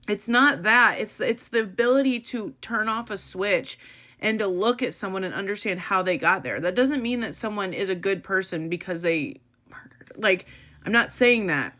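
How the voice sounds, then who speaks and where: A woman's voice: medium pitch, animated, moderate pace, a bit bright. A young woman from the Midwest talking candidly in a personal vlog, blunt and emotional, swearing freely and using casual slang. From American Midwest. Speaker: content creator.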